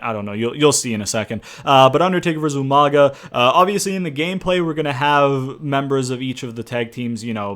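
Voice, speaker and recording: A man's voice: mid-range voice, fairly bright tone. A young man casually narrating storylines for his game-mode series, rambling with lots of fillers and the odd curse. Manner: rambling, filler-heavy, profane. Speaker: video game channel host.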